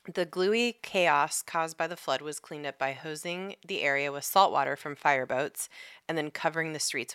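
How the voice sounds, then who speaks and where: A woman's voice: deep voice, a bit bright, clean tone, dry recording, clean studio sound. A woman co-hosting a casual podcast, reading a story aloud from notes, swearing freely and breaking into laughter. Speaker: podcast co-host.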